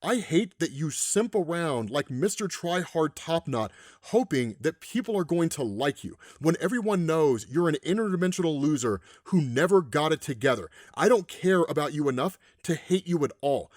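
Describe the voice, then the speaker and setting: A man's voice: on the high side, animated, normal speed, darkish tone, no room sound, clean studio sound. A man reading a sneering teenage boy. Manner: sneering and dismissive. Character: angry, cruel teenage boy.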